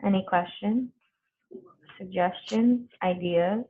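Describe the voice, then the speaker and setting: A woman's voice: medium pitch, slow, slight background noise. A woman coaching her team on a video call, chatty and blunt, swearing freely. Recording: tinny phone-like video call audio.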